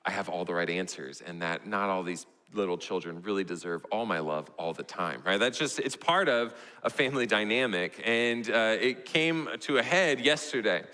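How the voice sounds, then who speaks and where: A young man with a Texan accent, a pastor telling a family story in a sermon, animated and storytelling. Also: normal speed, few pauses. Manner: storytelling, animated, voices his toddler in a high squeal. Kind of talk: sermon illustration. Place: church sanctuary. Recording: church hall reverb.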